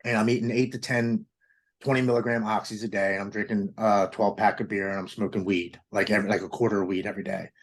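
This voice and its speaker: A man in his forties from Maryland recounts his testimony to an interviewer. His voice sits on the low side and has a husky edge. He tells the story earnestly and with feeling, often quoting his own past thoughts aloud. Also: little pitch movement, fast talker. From Maryland, United States. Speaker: guest telling his testimony.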